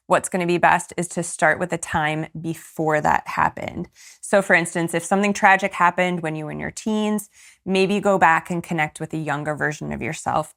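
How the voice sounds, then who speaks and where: Speaking with vocal fry in a low, somewhat bright register, a thirtysomething woman hosts her own casual solo podcast as a host and coach. She's earnest and encouraging, and at times she gets teary.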